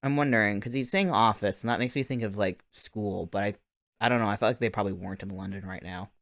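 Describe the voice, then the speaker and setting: A man's voice: fairly low pitch, fast talker, fairly bright tone, no room sound. A young man streaming a game, chatting casually and rambling with lots of fillers.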